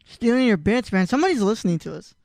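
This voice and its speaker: A man's voice: sits high, big pitch swings, fast talker, creaky, a little mellow, dry recording. Laid-back man hosting a podcast, dry sound. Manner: laid-back, swears casually, laughs often. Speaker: podcast host. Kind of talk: casual chat.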